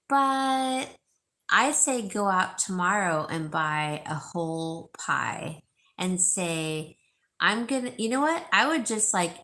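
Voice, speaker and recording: A woman's voice: fairly low pitch, a bit bright. A woman hosting a live sale stream, chatting casually and reading viewer comments, rambling with fillers and restarts. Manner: gushing, repeats herself for emphasis.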